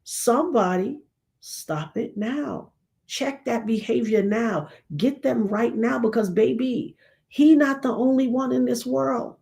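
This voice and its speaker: A woman's voice: a little high, a little slow, gravelly. A middle-aged woman hosting her own show, talking with preacher-like emphasis and acting out quotes. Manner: animated preacherly, acts out quotes. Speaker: show host. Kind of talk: casual commentary monologue.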